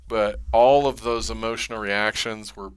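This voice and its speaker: A man's voice: fairly low pitch, fairly even intonation, moderate pace, smooth, dry recording. A man co-hosting a casual film podcast, enthusiastic, often answering with short agreeing replies. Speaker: podcast co-host.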